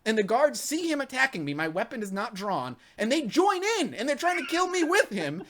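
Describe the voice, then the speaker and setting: A man co-hosting a live gaming talk show, telling a long story in casual chat and acting out the shouting characters as he goes. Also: extremely high pitch, fairly quick. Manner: excitable, acts out shouting characters mid-story.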